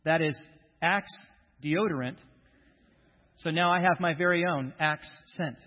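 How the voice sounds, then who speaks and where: A fairly high-voiced male pastor giving a sermon in a church sanctuary, trading light self-deprecating jokes with his congregation before reading from scripture. His voice rings with a long hall reverb, and the recording sounds somewhat dull and muffled. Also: a little slow.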